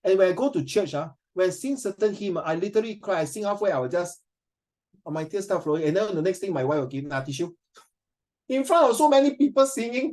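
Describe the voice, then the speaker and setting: Singaporean guy teaching, middle-aged, emotional and animated, highish voice. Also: fairly quick. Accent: Singaporean English. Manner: animated, emotional, switches into Mandarin. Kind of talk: classroom lesson, emotional storytelling.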